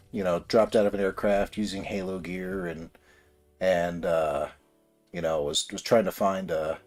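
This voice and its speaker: A man telling a long personal story in a rambling, casual way while building a model kit on a livestream. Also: low-pitched. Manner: rambling, many fillers and restarts.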